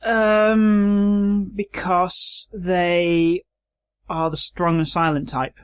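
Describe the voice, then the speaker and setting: A man's voice: sits high, little pitch movement, extremely slow, clear, resonant tone. A man co-hosting a podcast, chatting casually and joking, sometimes reading text aloud plainly. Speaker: podcast co-host. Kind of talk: casual chat.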